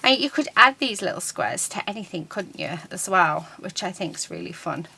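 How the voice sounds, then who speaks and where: A woman's voice: fairly low pitch, expressive, moderate pace, vocal fry, sharp tone, husky, rough recording. A middle-aged woman chats casually while she crafts at her desk at home. She rambles and fills her talk with ums. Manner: chatty, rambling, many ums. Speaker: crafting channel host.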